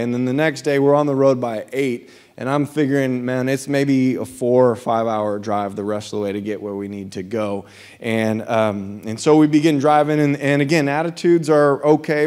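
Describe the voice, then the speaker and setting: A man's voice: mid-range voice, a little mellow, clear, resonant tone. A man born in Southern California, preaching as a pastor and telling a story, acting out the dialogue with lots of energy. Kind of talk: sermon storytelling.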